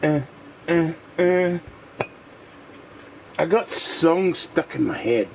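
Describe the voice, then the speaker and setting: Australian male streamer, slow drawl, a bit high, faint air-con hum behind; loose, sweary rant. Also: expressive, vocal fry. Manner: profane, opinionated, mocking voices in quotes. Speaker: gaming streamer. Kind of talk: rambling casual rant while gaming.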